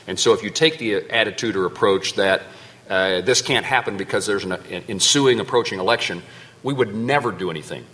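A middle-aged man, a senator, answering interview questions haltingly, with many fillers and restarts. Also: on the low side, fairly bright tone.

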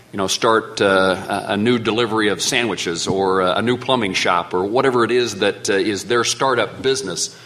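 A middle-aged man, a senator, answering interview questions haltingly, with many fillers and restarts. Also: fairly low pitch, a bit bright.

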